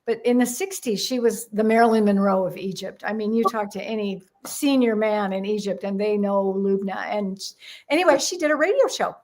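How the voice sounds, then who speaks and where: A woman's voice: mid-range voice, moderate pace. An older woman from the United States, a guest telling stories in an interview and acting out the voices in them. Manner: animated, acts out voices in her stories. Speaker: guest, numerologist. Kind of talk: storytelling in a chat interview.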